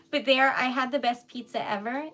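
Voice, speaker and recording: A woman's voice: high-pitched, bright, forceful tone. A young woman from New England chatting casually with live viewers, emotional and giggly, rambling with lots of fillers. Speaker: livestream host, poet.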